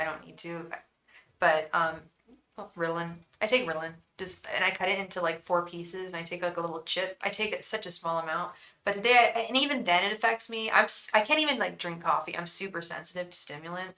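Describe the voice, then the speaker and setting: Woman tarot reader, rambling and chatty, crisp bright tone, talking straight to viewers on a livestream. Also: medium pitch, rough recording. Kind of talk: casual livestream chat.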